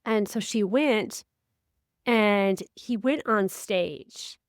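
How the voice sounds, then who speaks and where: Animated woman podcast host. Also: extremely slow, dry recording, studio quality. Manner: animated storyteller, acts out quotes with big pitch swings. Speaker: podcast co-host and life coach. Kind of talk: casual podcast chat.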